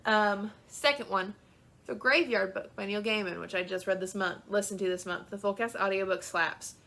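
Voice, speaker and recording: A woman's voice: medium pitch, steady tone, moderate pace, gravelly, a bit bright. A young woman talking about books in a casual video, chatty and gushing, with lots of "um" and "like". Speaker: book vlogger. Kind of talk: casual chat.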